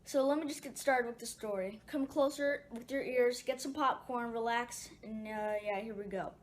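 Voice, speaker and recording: A woman casually tells her viewers a personal story. Her voice is a touch high. She rambles, trailing off and restarting often. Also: normal speed, faint music behind. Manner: rambling, many fillers and restarts.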